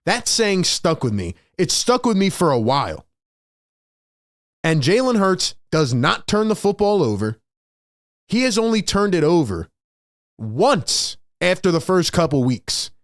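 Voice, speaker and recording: Man, sports talk host, overexcited, emphatic, repeats himself, high voice, dry sound. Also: big pitch swings, a little slow, no room sound. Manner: hyped, emphatic, repeats key phrases. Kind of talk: excited postgame sports commentary.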